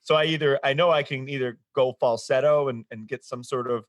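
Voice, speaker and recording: A man's voice: medium pitch, fairly even intonation, brisk, no echo. A man co-hosting a podcast, chatting casually and laughing easily as he talks about his singing range. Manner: chatty and laughing, voice jumps up when amused. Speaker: podcast co-host and singer.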